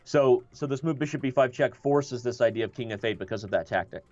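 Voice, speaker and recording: A man's voice: mid-range voice, fast talker, darkish tone, dry recording, highs cut off. A man commentating a chess game he is playing on a live stream, joking and thinking aloud.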